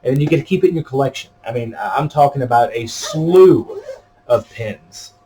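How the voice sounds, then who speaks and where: A man's voice: mid-range voice, animated, moderate pace, warm tone. A man in his thirties vlogging in a casual, rambling way, with plenty of fillers and restarts. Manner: rambling, easygoing, many fillers. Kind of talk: casual chat to camera.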